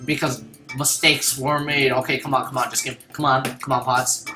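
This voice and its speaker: A man giving casual, excitable commentary over his own gameplay, joking and repeating phrases as he plays. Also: mid-range voice, moderate pace, reverberant, music in the background.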